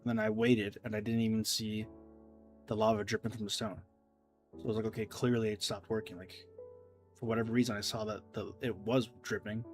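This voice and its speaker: A man's voice: fairly low pitch, flat delivery, brisk. A man giving casual, rambling gameplay commentary as a streamer, self-deprecating and reading chat, over faint game music. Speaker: gaming streamer.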